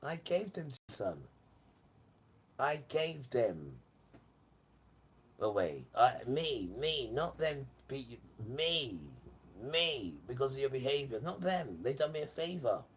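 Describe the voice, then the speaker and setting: A man voicing a commanding divine father figure who scolds in loud, forceful proclamations. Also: medium pitch, very animated, takes it slowly. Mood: stern lecturing. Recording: distant mic with faint room noise.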